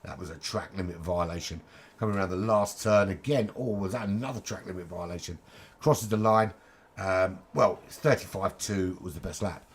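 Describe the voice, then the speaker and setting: A man commentating a sim racing qualifying session in a chatty, cheeky way, with casual swearing and quick asides. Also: low-pitched, breathy edge. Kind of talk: live esports race commentary.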